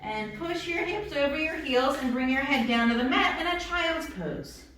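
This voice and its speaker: A high-pitched woman leads a playful, encouraging kids' yoga class. Her voice rings through a very echoey room. She stands a little away from the mic. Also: recorded from a distance. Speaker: yoga instructor.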